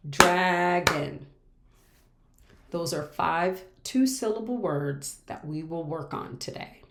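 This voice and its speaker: A woman teaching a reading lesson to children, speaking slowly and patiently and repeating each word with care. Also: low-pitched, animated, reverberant. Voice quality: patient, repeats words carefully. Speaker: special education teacher. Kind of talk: slow, clear classroom instruction for children.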